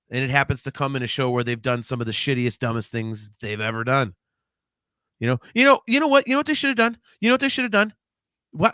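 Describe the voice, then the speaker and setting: A man's voice: medium pitch, bright, forceful tone, dry recording, studio quality. A man co-hosting a live podcast in a casual chat, ranting animatedly with plenty of profanity. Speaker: podcast co-host.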